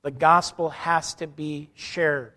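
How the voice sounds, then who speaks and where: A man preaching a sermon emphatically, dropping soft and then rising loud, acting out the people in his stories. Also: a little high, fairly even intonation, slow, big-room sound. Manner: emphatic, swings from soft to loud, acts out quotes.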